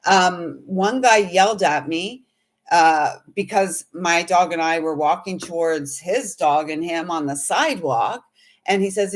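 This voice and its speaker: A woman's voice: on the low side, measured pace. Chatty woman on spiritual talk. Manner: chatty, rambling, reads viewer comments aloud. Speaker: spiritual host and intuitive reader. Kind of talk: casual spiritual livestream talk.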